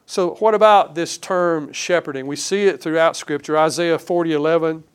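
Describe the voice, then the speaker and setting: A male pastor delivers a sermon with earnest, emphatic conviction. His voice is smooth and resonant and sits a little high for a man. He drops to a slower pace to lean on the key words. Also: steady tone. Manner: earnest, emphatic preaching with slow stressed phrases.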